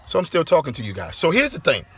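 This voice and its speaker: A middle-aged man, a pastor and author, chatting casually to his viewers on a phone inside a car, repeating his points and getting animated when riled. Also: a little high, quick pace, faint music behind. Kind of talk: casual vlog talk to viewers.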